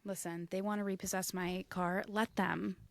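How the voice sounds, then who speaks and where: A woman in her thirties with a Midwestern accent co-hosting a casual comedy podcast, telling animated stories and acting out quoted voices. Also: medium pitch, moderate pace, creaky, no room sound. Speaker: podcast co-host.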